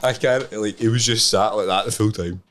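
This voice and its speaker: A man's voice: on the low side, normal speed, slight background noise. A young Scottish man, a podcast co-host, telling a story in casual chat and acting out the voices of the people in it. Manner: animated, laughing, acts out voices in his stories.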